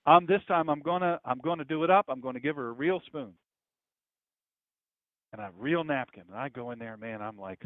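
A man's voice: medium pitch, a little fast, no echo. A male preacher giving a sermon-style talk, telling stories animatedly and repeating his phrases. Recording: dry tinny phone-like sound.

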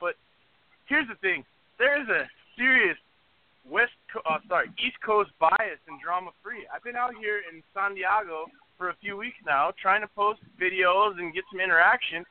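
Joking guy ranting on a call-in, kinda high voice, thin phone sound. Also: moderate pace, dry recording. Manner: playful, rambling, mock-indignant. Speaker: caller. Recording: tinny phone line.

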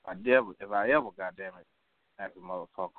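A man's voice: low voice, quick pace, no room sound. Cursing man on a tinny phone line. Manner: cursing, combative, repetitive. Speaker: phone-line talk show host. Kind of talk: profane rant on an open phone line.

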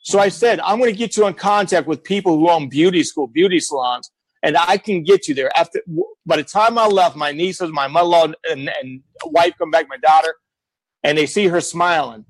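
A middle-aged man telling stories on a talk show, blunt and emphatic, with a voice pitched a bit high for a man. He repeats his points for effect, and the sound is dry and close, with no room around it. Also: a little fast, no room sound. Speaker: guest. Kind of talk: casual storytelling.

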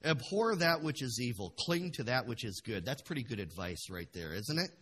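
A man pastor preaching a passionate sermon in a church, dropping to a hush and then rising to loud bursts. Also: mid-range voice, very animated, normal speed, slightly rough. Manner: passionate, swings from hushed to loud.

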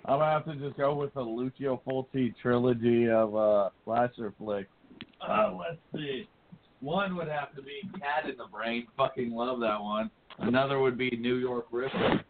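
A man's voice: mid-range voice, moderate pace. A man chatting casually as a podcast co-host, loose and swearing freely. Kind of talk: casual chat. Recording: tinny phone-like with faint noise.

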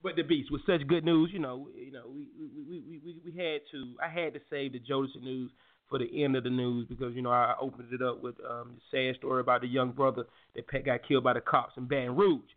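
A man's voice: medium pitch, steady tone, fast. A man hosting a morning show in loose, joking casual chat, full of slang, laughs and restarts. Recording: tinny phone-like sound with faint music.

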